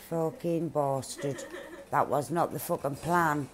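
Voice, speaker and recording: A young woman swearing and laughing through excitable live commentary on her own game. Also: low-pitched, unhurried, background noise. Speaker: gaming streamer.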